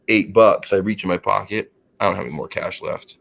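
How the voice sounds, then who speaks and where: A man co-hosting a casual chat, telling an animated, profane story and acting out the quotes. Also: low-pitched, moderate pace, gravelly. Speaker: co-host.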